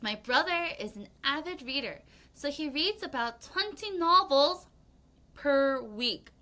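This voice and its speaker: A young woman teaching English vocabulary to children in a recorded lesson, expressive and playful, acting out reactions with gasps and exclamations. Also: high voice, measured pace.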